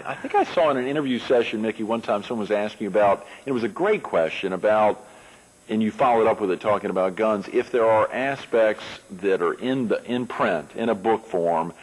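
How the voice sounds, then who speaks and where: Low, husky-voiced male interviewer. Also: brisk, poor audio. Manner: eager, affirming, steers questions. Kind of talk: casual chat.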